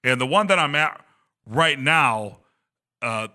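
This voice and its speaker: A man's voice: medium pitch, animated, slow pace, sharp tone. A man in his thirties, a podcast host telling a rambling story and laughing often, speaking from a glass conference room. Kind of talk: casual chat.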